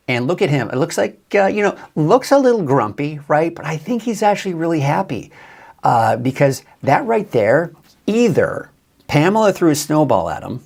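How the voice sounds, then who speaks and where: A man's voice: fairly high pitch, sing-song, moderate pace, creaky, a little mellow. A man giving a casual, chatty live weather forecast as a TV meteorologist, upbeat and a bit tired, with many fillers and restarts.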